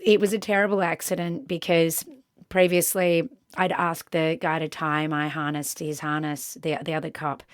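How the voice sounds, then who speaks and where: An Australian woman co-hosting a podcast, telling a story in an animated way with lots of ums and acted-out voices. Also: sits low, moderate pace, clean tone, no echo, studio quality. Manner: animated, acts out the people in her story, frequent ums. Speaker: podcast co-host. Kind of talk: casual storytelling chat.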